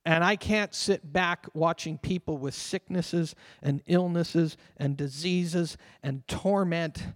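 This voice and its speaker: A pastor with a distinctly high voice gives a sermon in a church sanctuary, where a long reverb carries his words. His tone is earnest and fervent, and he slows down to read scripture aloud.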